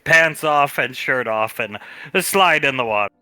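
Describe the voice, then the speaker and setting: A man's voice: medium pitch, measured pace, bright, forceful tone, clear, resonant tone, dry recording, soft background music. A man playing a tabletop role-play in a playful way, describing scenes and throwing in jokes. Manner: playful, tosses in joke ideas and cat noises. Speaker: tabletop game player.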